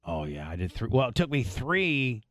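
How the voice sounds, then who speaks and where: A man's voice: mid-range voice, sing-song, moderate pace, fairly bright tone, no echo. A man hosting an uncensored radio show, talking loose, profane and joking. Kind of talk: casual uncensored radio banter.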